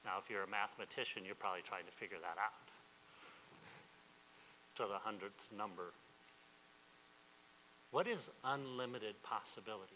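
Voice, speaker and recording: A man's voice: on the low side, normal speed, long pauses, bright, forceful tone, big-room sound, a little hiss or hum, low-quality recording. A man preaching a sermon as pastor, emphatic and repetitive, often restarting his phrases.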